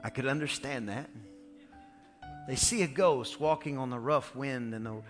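A male pastor preaching a sermon in a lively, casual storytelling style. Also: mid-range voice, normal speed. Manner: storytelling, animated, casual slang. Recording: echoey church hall with faint music.

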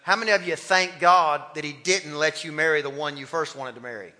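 Male pastor, high and very bright voice, fervent sermon delivery, long church reverb. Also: fairly quick. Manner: impassioned, calls on the congregation to respond. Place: church sanctuary.

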